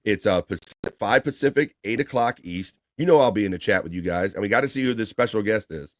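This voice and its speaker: A man hosting a casual livestream, reading viewer chat shout-outs aloud with laughs and loose swearing. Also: lowish voice, expressive, brisk, dry recording, clean studio sound.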